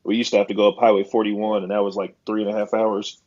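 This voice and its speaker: A man's voice: lowish voice, flat delivery, fast talker, a little mellow. A man on a podcast panel, giving short, blunt replies and ribbing the others. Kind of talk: casual podcast banter. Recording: dull lo-fi mic.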